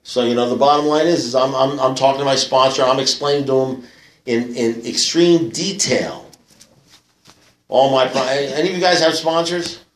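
A man shares a long, rambling story with a live audience at a recovery meeting, leaning on fillers and blunt, profane humour. His voice sits at an ordinary pitch. The sound carries the roomy echo of a meeting hall. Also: normal speed. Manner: rambling, full of "you know" fillers.

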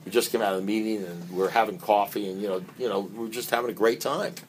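Low-voiced older man giving a recovery talk. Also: steady tone, fast talker, a little hiss or hum. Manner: conversational, repeats words, swings between low and emphatic. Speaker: AA speaker.

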